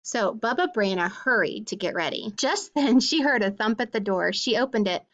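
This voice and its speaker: A woman reading a children's picture book aloud and pausing to explain things simply for young listeners. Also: a little high, animated, muffled recording. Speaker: storyteller.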